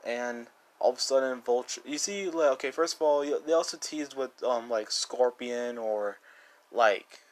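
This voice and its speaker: A man talking through movie rankings in a loose, unscripted way. He rambles and restarts, leans hard on "like" and "dude", and sounds eager. His voice sits at a middle pitch for a man. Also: normal speed. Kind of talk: casual movie review.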